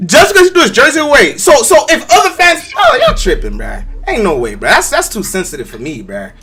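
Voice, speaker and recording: A man argues in a high, lively, bright voice, tossing "bruh" into nearly every line. His pitch swings widely as he pushes back, with faint music underneath. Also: brisk, breathy edge. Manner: animated, argumentative, says "bruh" constantly. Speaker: stream co-host. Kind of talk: heated casual debate.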